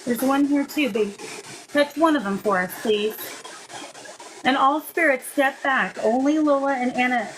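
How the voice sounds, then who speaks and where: A woman hosting a paranormal investigation, gently coaxing a spirit in a soft, encouraging way and calling it "darling.". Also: sits high, a little slow, slight background noise, poor audio. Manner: gentle, coaxing, calls the unseen listener "darling" and "sweet pea". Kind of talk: live spirit-communication session. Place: indoors beside a table of ghost-hunting gear.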